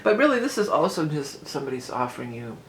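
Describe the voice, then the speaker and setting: A woman's voice: low-pitched, big pitch swings, fast. Rambly woman doing a tarot reading, laughs a lot, roomy echo. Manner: chatty, rambling, laughs often. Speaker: tarot reader. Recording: echoey room, faint background noise.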